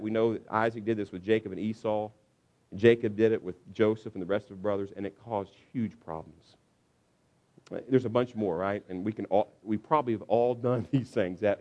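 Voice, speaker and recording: Animated man preaching a sermon. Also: fairly low pitch, dull audio. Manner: conversational, animated, acts out parents shouting. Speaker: pastor.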